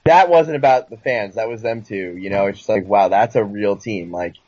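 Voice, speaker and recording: A man co-hosting a casual wrestling podcast, rambling and excitable, sometimes mocking others in a squeaky voice. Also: moderate pace, dry recording. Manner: rambling, excitable, mocking high-pitched impressions. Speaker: podcast co-host. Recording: dull lo-fi dry sound.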